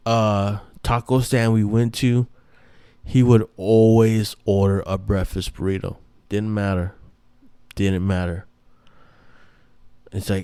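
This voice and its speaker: In a dry recording, a male host with a lowish, steady, slightly mellow voice speaks unhurriedly with a clear, resonant tone. His monologue is casual and meandering, full of swearing, restarts, and fillers.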